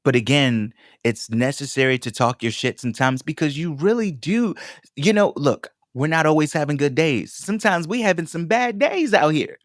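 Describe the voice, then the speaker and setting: A man's voice: a little high, lively intonation, normal speed, no echo, studio quality. A young man hosting his own podcast, talking in a casual, sassy, affirming way and calling listeners baby as he gives them a pep talk. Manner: pep-talk, builds to emotional encouragement. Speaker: podcast host and food vlogger. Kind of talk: casual solo podcast monologue.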